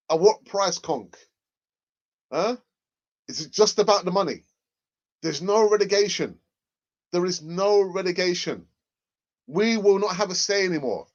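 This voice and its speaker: An excitable man chats casually on a fan livestream, with a voice pitched a little above the usual. He repeats himself for emphasis, and the audio sounds dull and lo-fi. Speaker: football fan channel host.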